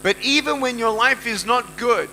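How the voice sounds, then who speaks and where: A man with an Australian accent delivers an emphatic motivational talk to an audience, repeating key lines and acting out what others said. His voice sits high and sounds very bright and forceful. A faint electrical hum runs under the recording. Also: normal speed, rough recording. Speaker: motivational speaker. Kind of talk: motivational speech to a live audience.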